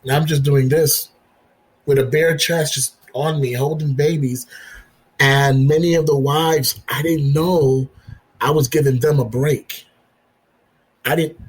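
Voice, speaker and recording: A man, a military veteran and father, telling his story as a podcast guest in an earnest, halting way, repeating himself and acting out the dialogue. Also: a little high, darkish tone, breathy edge, low-quality recording. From United States. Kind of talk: personal storytelling in an interview.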